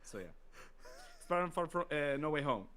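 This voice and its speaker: A man hosting a casual podcast chat, ranting excitedly with lots of fillers. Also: a little high, fairly quick, clear, resonant tone. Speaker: podcast host.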